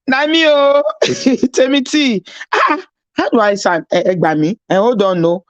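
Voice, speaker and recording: A woman with a Nigerian accent hosts a casual live stream without her usual mic. She chats with viewers, laughs often and drops into Pidgin, and her voice sounds husky. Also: a little high, sing-song, slow, no room sound, dull audio. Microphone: no proper mic, device mic.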